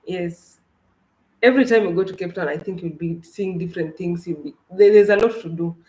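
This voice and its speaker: A woman's voice: lowish voice, a little fast, warm tone, roomy sound, low-quality recording. A woman from Kenya, a travel vlogger, chatting casually and animatedly with her co-host about her trip, with frequent restarts. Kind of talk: casual livestream chat.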